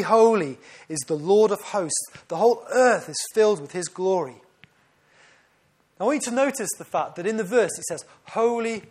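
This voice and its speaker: A man preaching a sermon, earnest and often correcting himself. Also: high-pitched. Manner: earnest, with frequent self-corrections.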